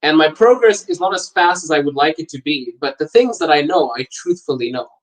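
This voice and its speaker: A man hosting a podcast, chatting casually and telling lively anecdotes, laughing often as he talks. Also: fairly high pitch, fairly quick, rough recording. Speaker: podcast host. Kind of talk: casual storytelling chat.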